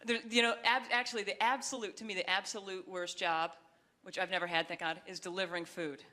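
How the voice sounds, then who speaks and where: A young woman doing a stand-up comedy set, talking in a wry, chatty way and breaking into high, shrill voices for the people she acts out. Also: steady tone, fairly quick, sharp tone. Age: young adult. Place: comedy stage before a live audience. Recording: live club set with audience laughter.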